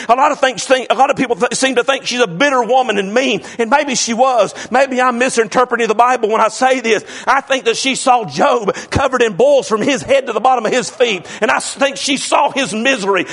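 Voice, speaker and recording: A man preaching a sermon, swinging from shouted fervor to a hushed murmur. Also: very high voice.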